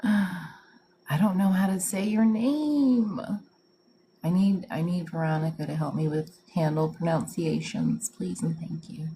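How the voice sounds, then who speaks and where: A woman's voice: lowish voice, measured pace, mellow, slight background noise. A woman hosting a live stream as a psychic medium, chatting casually in slang, greeting viewers and laughing often. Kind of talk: casual livestream chat.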